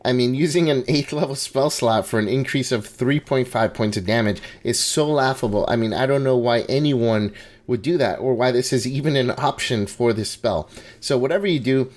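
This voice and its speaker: Dude talking thru game spells, chatty, keeps restarting sentences, mid-pitched. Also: male voice, normal speed. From Hispanic background. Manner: conversational, restarts and hedging asides, laughs at himself. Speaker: game guide host. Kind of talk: casual spoken game guide.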